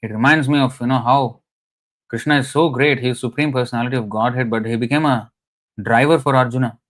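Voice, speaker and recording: A man doing a humble illiterate brahmin, devoted, tearful, earnest and simple in his speech, at an ordinary mid pitch, told as a story within a scripture talk. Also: fairly even intonation, quick pace, a bit bright, lightly acted.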